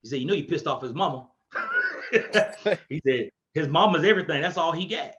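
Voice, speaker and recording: A man's voice: a little high, normal speed, dull audio. Man coach telling stories on a podcast. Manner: animated, acts out quotes in a raised voice. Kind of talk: casual storytelling chat.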